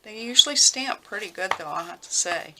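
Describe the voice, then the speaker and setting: A woman talking casually while she works on a craft project at home, rambling and thinking out loud with lots of fillers. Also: medium pitch, expressive, a little fast. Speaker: crafting vlogger. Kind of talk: casual craft tutorial chat. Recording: noisy with clicking sounds.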